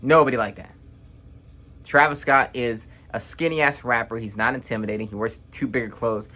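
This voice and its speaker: A man's voice: mid-range voice, steady tone, sharp tone. A young man giving a casual, opinionated recap as a vlogger, blunt and rambling. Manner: blunt, rambling, quick to judge. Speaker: wrestling reaction vlogger.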